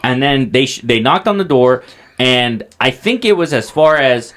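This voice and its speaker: Lively, animated man telling a story. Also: mid-range voice, normal speed. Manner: profane, animated, acts out quoted voices. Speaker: podcast co-host. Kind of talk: casual storytelling chat.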